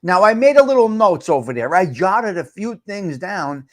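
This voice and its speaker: An older man hosting a live morning talk stream. He talks loudly and emphatically, greets chat viewers by name and repeats his points for effect. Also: high-pitched, very animated, moderate pace. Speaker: livestream host.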